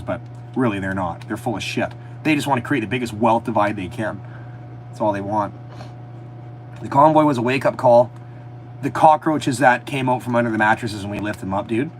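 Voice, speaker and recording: A man chatting on a casual livestream from a motorhome, telling animated stories with a lot of swearing and mockery. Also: mid-range voice, a little hiss or hum, low-quality recording. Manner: animated storytelling, swearing, mocking. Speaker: livestream host. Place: inside a motorhome.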